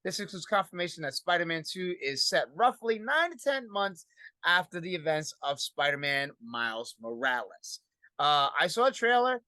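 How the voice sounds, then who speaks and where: Brooklyn guy hosting a podcast, high bright voice, rambles on, dry sound. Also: sing-song, normal speed, no room sound. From Brooklyn, New York. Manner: rambling, repeats "and everything like that". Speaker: podcast host. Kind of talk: casual podcast chat.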